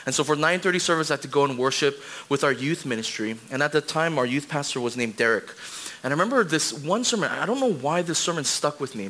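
A man in his thirties preaching a sermon in a church, conversational and animated, with quick asides to the congregation. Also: mid-range voice. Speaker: pastor. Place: church sanctuary.

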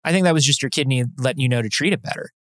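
A man's voice: medium pitch, very fast, no room sound, studio quality. A man co-hosting a podcast, chatting casually and self-deprecatingly as he explains science news. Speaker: podcast co-host. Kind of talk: casual chat.

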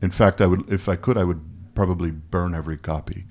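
A man from Canada being interviewed, talking candidly and haltingly, restarting his sentences as he questions himself. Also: low-pitched, steady tone, a little mellow. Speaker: photographer guest. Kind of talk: casual interview conversation.

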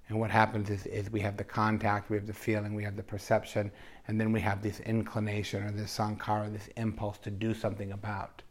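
A man giving a conversational dharma talk at a meditation retreat, drifting into soft asides and playful quoted thoughts. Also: on the low side. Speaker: meditation teacher.

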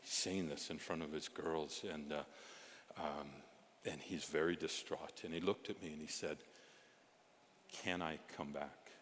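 A middle-aged male pastor telling stories in a sermon, animated, moving from loud exclamations to hushed asides. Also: a bass voice, unhurried, a little hiss or hum. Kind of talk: storytelling sermon. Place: church sanctuary. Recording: reverberant hall sound.

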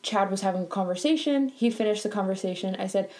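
A young woman recounting a frustrating day at work in a chatty storytime vlog. She sounds animated and exasperated, laughs often, and her voice jumps up in pitch whenever she gets worked up. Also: quick pace, few pauses. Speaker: bank teller telling a work story. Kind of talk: storytime vlog, casual chat.

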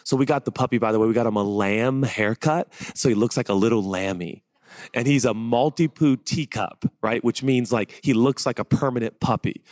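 Chatty, animated male preacher, dry sound. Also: mid-range voice, normal speed, dry recording. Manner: animated, chatty, heavy use of "like", builds to excited rhetorical questions. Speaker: pastor. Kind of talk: conversational sermon with personal stories.

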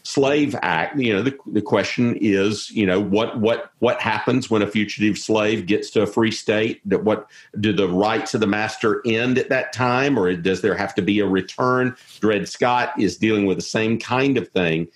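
Man, 50s, low voice, rambling interview guest who restarts a lot. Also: moderate pace, hardly any pauses. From South Carolina, US. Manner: rambling, many restarts and repeated words. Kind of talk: conversational interview.

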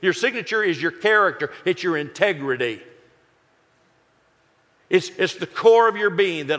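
A man's voice: high-pitched, moderate pace, long pauses. A man, telling a folksy, joking personal story in a sermon. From Texas. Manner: folksy, joking, lively delivery. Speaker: pastor. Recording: echoey hall reverb.

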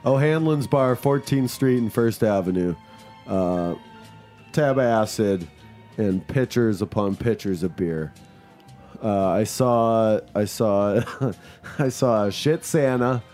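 A man's voice: lowish voice, slow, a little mellow, faint music behind. A laid-back man hosting a comedic radio talk show, laughing often and trailing off with fillers. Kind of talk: casual comedic chat.

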